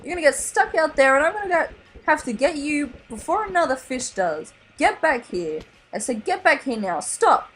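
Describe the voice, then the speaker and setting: A woman's voice: sits high, very animated, moderate pace, fairly bright tone, voice pushed up. A woman doing an anxious, overprotective clownfish dad. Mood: frantic.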